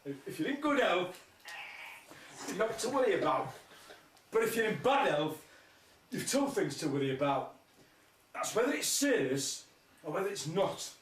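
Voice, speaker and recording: A man voicing a calm, reasoning old talking cat. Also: sits high, normal speed, pauses often, far from the mic. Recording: roomy hall, mic from afar, faint noise.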